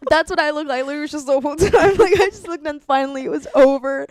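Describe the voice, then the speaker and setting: A woman's voice: high-pitched, fast, a little mellow, dry recording. A young woman, a guest musician, telling a story in casual chat, laughing often and acting out her own lines.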